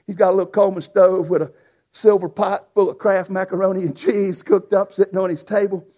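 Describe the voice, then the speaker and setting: A preacher who tells a folksy, animated story in a sermon. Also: male voice, high-pitched, a little fast. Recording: dull lo-fi sound.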